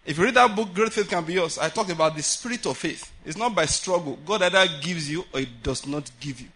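A man preaching a sermon, animated, acting out quotes and laughing often. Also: high voice, a little fast, few pauses, breathy edge.

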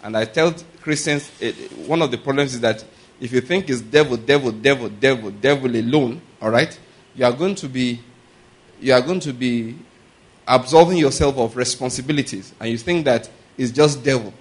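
A male preacher talks through his sermon in a loose, conversational way. He keeps checking whether the congregation is following, drifting into stories and chuckling along the way. His voice sits at an ordinary middle pitch. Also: normal speed, slightly rough. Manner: checks in with "are you getting my point?" and "all right?"; chuckles and rambles into anecdotes.

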